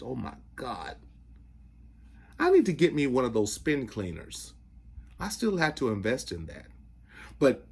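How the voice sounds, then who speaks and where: A man hosting a casual vinyl show-and-tell, chatty and excitable, talking straight to his viewers and prone to bursting into falsetto. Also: breathy edge. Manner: excitable, breaks into falsetto singing; chatty, addresses viewers directly. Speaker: record collector host.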